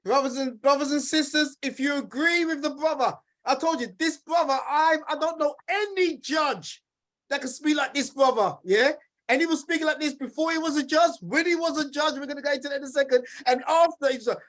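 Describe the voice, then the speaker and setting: An energetic man hosting a talk show, his voice sitting unusually high. He rallies the audience and hypes his guest with bursts of excitement. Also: brisk. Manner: energetic, hyping the audience, laughing. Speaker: host.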